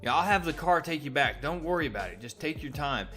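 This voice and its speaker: Brief: a calm, reassuring hero leader, bright-toned, as a man plays him. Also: on the high side, fast, soft background music. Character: reassuring steady male superhero leader. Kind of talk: comic recap voice acting.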